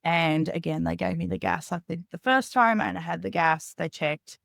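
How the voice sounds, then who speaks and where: A woman in her thirties speaks with a lowish, gravelly voice as a podcast guest. She tells her story candidly and rambles, scattering "like" through her sentences. The sound is close and dry. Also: moderate pace, no room sound. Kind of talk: personal storytelling in an interview.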